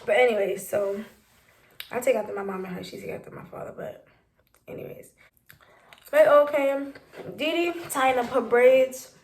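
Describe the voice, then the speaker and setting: Young New woman vlogger, higher voice, rambling animated storytime delivery. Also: unhurried, pauses often, a little hiss or hum. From New York City. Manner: animated, rambling retelling with quoted dialogue. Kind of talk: casual storytime.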